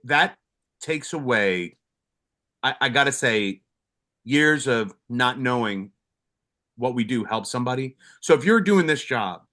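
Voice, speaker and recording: A man's voice: medium pitch, sharp tone. A middle-aged man, a retired first responder co-hosting a support show, telling stories in a blunt, rambling way with frequent profanity and restarts. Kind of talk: casual storytelling.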